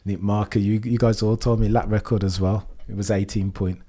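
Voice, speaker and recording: Young streamer, live reaction commentary, excitable, drops to low disbelief. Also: male voice, fairly quick, hardly any pauses. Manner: excitable, swings from shouting to low muttering disbelief. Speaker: livestream watchalong commentator.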